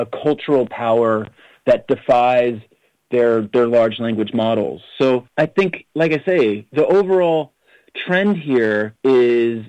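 A man talks in a dry, close-miked way, animated and critical, with frequent restarts. The sound is dull and lo-fi, like a radio broadcast, and his pitch sits in the middle range. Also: dry recording. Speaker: interview guest. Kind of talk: casual interview answers.

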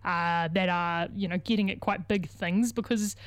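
A woman hosting a radio interview, conversational and quick to laugh. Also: lowish voice, fairly even intonation, no room sound. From New Zealand. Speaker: radio host.

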